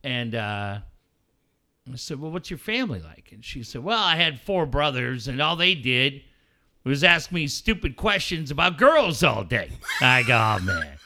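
A man's voice: mid-range voice, a little slow. A middle-aged man co-hosting a radio show, telling a story in casual banter and acting out each line of dialogue. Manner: animated storyteller acting out dialogue, swears freely. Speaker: radio co-host.

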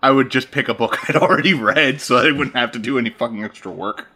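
A man in casual chat, swearing freely and quick to correct the other speaker. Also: medium pitch, bright, forceful tone, breathy edge.

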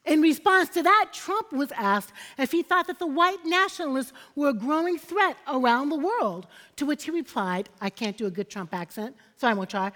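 A woman's voice: sits high, very animated, moderate pace, few pauses, a bit bright, big-room sound. A woman preaching a sermon, emphatic and repeating phrases for effect, calling on the congregation for amens.

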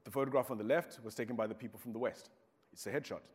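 A man's voice: mid-range voice, rapid-fire, breathy edge. Zimbabwean man speaking in a reverberant hall. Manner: storytelling, acts out quoted voices. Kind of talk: talk to an audience.

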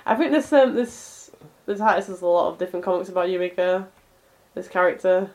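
A woman's voice: lowish voice, a little fast, darkish tone. A woman co-hosting a casual podcast chat, giggling as she reads comic panels aloud. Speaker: podcast co-host.

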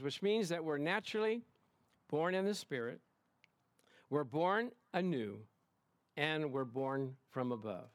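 A male pastor preaching a lively sermon to his congregation, emphatic and excitable, often calling out "Amen?". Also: a little high, dry recording. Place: church service in front of a congregation.

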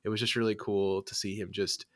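A man hosting a casual movie podcast, animated and laughing often, restarting his sentences. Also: lowish voice, a little fast, no room sound, studio quality. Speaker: podcast host.

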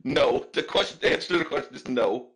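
A man who is a guest on a casual podcast chat, who answers hesitantly with many pauses and dry, short replies. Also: mid-range voice, animated, rough recording.

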